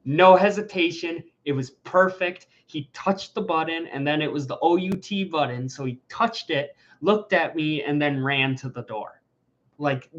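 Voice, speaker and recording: A man's voice: a little high, fairly bright tone. A man hosting a casual livestream chat, rambling and restarting his sentences as he talks from home. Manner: rambling, restarts and repeats words. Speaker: livestream host. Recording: dull lo-fi sound.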